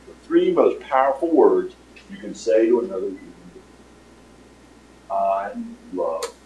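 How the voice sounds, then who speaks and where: An older man giving a casual, rambling pitch to an audience, with lots of fillers. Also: mellow, lo-fi sound, a little hiss or hum. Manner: rambling storyteller with many fillers. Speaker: startup presenter. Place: meeting room with audience. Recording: roomy, distant room recording.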